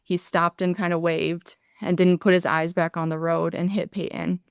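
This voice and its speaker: A woman in her thirties, a nurse and paramedic, telling her story as a podcast guest in an earnest, halting way. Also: fairly low pitch, little pitch movement, gravelly, clear, resonant tone, dry recording, studio quality. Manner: earnest, halting retelling that acts out her own past words. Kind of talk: podcast interview, personal account.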